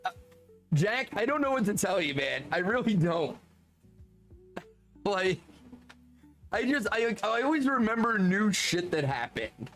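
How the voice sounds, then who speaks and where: A man streaming, telling casual anecdotes in an animated way, laughing often and swearing freely. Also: high-pitched, a little slow, long pauses, soft background music. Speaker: streamer reading chat.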